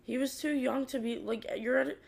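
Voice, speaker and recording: A woman's voice: high voice, fairly even intonation, fairly quick, creaky, a little mellow. A young woman co-hosting a casual podcast, reacting bluntly and swearing. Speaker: podcast co-host. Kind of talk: casual chat.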